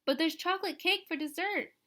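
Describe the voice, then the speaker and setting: A woman's voice: extremely high pitch, brisk, pushed and bright, pitched above the performer's own voice. A woman voicing an eager, insistent little girl.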